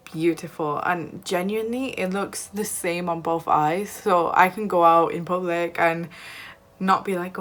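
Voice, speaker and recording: A woman doing a makeup tutorial, gushing and excitable as she tries eyeshadow shades. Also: fairly low pitch. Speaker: beauty vlogger.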